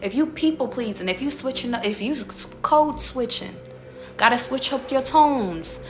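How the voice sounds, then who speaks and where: A woman's voice: high voice, animated, normal speed, darkish tone, roomy sound, soft background music. A woman who reads tarot, giving a casual livestream pep talk to her viewers. She talks profanely and emphatically and keeps asking rhetorical questions. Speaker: tarot reader.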